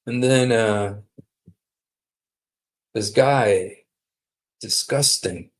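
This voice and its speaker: A man's voice: on the low side, very slow. A man hosting a casual livestream, talking in a sarcastic, mocking way and repeating himself for emphasis. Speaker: livestream host.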